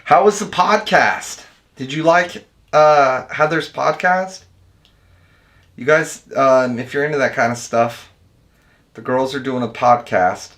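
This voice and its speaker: An easygoing American man chats with his viewers on a stream, wandering from topic to topic. His voice sits at an ordinary middle pitch. He keeps it relaxed and calls everyone dude. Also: takes it slowly. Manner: rambling and laid-back, calls people dude and man. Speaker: video editor and channel host. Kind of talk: casual livestream chat with viewers.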